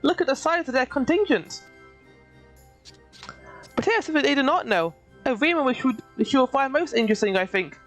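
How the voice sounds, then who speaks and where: A squeaky little catfish creature, a shifty male informant who grovels and wheedles in a high, sing-song voice, as a woman reads it aloud from a game. He twists his sentences backwards and leaps all over his pitch. Soft game music plays behind. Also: rough recording. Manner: pleading, obsequious, backwards-worded speech. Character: shifty, fawning male catfish-folk informant, small and nervous.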